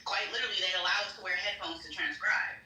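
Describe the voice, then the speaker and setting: A woman telling stories in a casual chat, blunt and quick to swear. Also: mid-range voice, fairly even intonation, sharp tone. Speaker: guest. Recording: roomy and distant.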